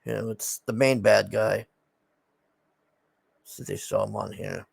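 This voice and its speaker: A man's voice: fairly low pitch, fairly even intonation, a little slow, creaky, slightly rough, dry recording. A man casually recapping a film in a rambling, exasperated way, swearing often and sighing.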